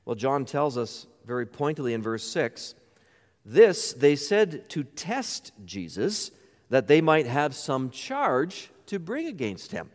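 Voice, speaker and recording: A man's voice: mid-range voice, very animated, takes it slowly, big-room sound. A man pastor delivering a sermon, emphatic and full of rhetorical questions.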